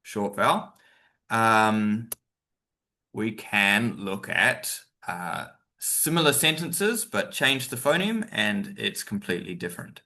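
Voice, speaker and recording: A teacher trainer with a lowish voice gives a chatty webinar talk, speaking slowly but animatedly in a pushed, bright tone. He fills it with fillers and asides and now and then acts out stressed example sentences.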